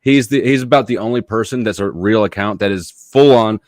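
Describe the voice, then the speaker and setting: A man's voice: lowish voice, fairly quick, a little mellow, no echo, studio quality. A man talking casually on a live panel, wry, teasing and blunt. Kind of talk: casual chat.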